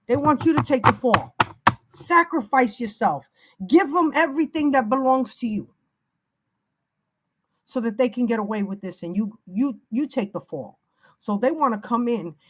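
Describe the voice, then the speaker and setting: Older lady psychic reading, kinda high voice, emphatic, repeats herself a lot. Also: husky, poor audio. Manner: emphatic and warning, piling up repeated phrases. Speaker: spiritual reader. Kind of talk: unscripted spiritual reading to camera.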